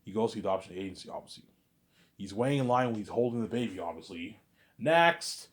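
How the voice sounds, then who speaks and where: A man retells a story in a loose, rambling way, stumbling over repeated words and tossing in fillers. His voice sits a little low. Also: fast talker, darkish tone.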